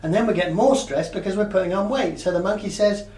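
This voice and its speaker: A man leads a group mindfulness session in a conversational way, often checking that everyone is following. He talks fast in a high, slightly mellow voice, recorded from a distance in an echoey room.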